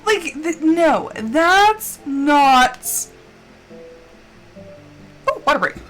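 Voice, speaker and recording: Woman game streamer, rambling chatty delivery, lively up-and-down pitch, a bit high, faint music behind. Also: extremely slow. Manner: rambling, chatty storytelling with frequent fillers; animated, playfully dramatic. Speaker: livestreamer playing a farming game. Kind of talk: casual chat while gaming.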